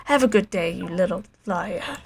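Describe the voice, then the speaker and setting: A woman's voice: lowish voice, expressive, moderate pace, vocal fry, slightly rough, full character voice. A woman voicing a sly, teasing old female demon servant in a game.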